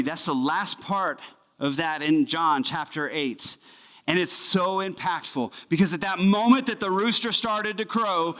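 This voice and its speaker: Pastor at the pulpit, male, high voice, lively storyteller who plays the characters he quotes. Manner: animated storytelling, acts out voices of Bible figures. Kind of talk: sermon. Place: church.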